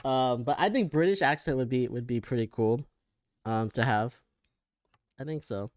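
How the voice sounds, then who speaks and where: An American man co-hosts a casual podcast, sounding hesitant and trailing off with fillers and small laughs. His voice is mid-range and darkish, at a moderate pace. The studio-quality recording has no echo.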